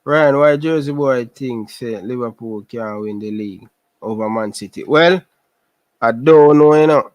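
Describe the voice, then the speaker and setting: A man's voice: medium pitch, measured pace, a little mellow, no room sound. Jamaican man chatting casually on a livestream. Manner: chatty, repeats himself, addresses viewers by name. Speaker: livestream host. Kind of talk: casual live chat. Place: living in Canada.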